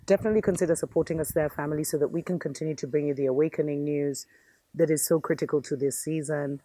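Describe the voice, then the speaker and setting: A woman's voice: low voice, fairly even intonation, fast, warm tone, dry recording. A woman host giving an impassioned spiritual commentary monologue, fervent and preachy, calling her viewers family.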